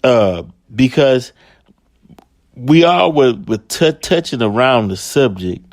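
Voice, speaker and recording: A man hosting a casual radio talk, affirming his guest and speaking in an unhurried way. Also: mid-range voice, lively intonation, no room sound, studio quality. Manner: affirming, says "right" a lot, unhurried.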